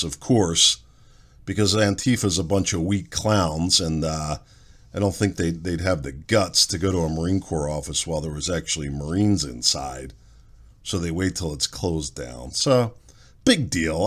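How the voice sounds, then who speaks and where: A man hosting a talk podcast, giving a blunt, sarcastic opinion monologue full of rhetorical questions. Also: low voice. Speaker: podcast talk show host.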